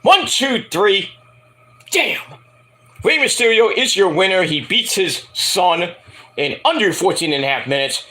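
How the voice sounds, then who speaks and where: A high-voiced man talks through a wrestling match in a casual, chatty recap. His pitch swings all over as he goes, and he swears freely. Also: moderate pace. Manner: animated, profane, chatty. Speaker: wrestling show reviewer.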